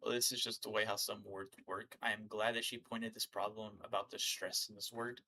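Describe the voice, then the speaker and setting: A young man recording himself learning, muttering and repeating words in a halting way. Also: fairly low pitch, level tone, bright, forceful tone, slight background noise. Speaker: language learner. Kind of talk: casual self-recorded learning vlog.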